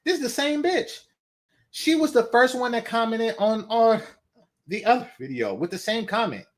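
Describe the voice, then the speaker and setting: Bay area guy reacting to clips, high animated voice, laughs and cusses a lot. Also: normal speed. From San Francisco Bay Area. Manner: laughing, mocking, swears often. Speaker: reaction video host. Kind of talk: profane reaction commentary.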